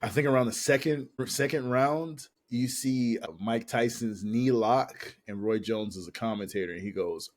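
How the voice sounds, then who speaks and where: A podcast co-host chats casually in a medium-pitched voice at a moderate pace with few pauses. His talk is rambling and slangy, and he often repeats himself.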